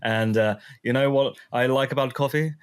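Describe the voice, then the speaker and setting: A man co-hosting a podcast, playful and quick to laugh, rambling with fillers. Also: medium pitch, clean tone. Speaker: podcast co-host. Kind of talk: casual chat.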